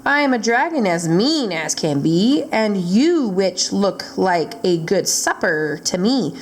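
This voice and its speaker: A woman voicing a big hungry male dragon in a read-aloud storybook, speaking low and slow. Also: big pitch swings, a little hiss or hum. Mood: menacing.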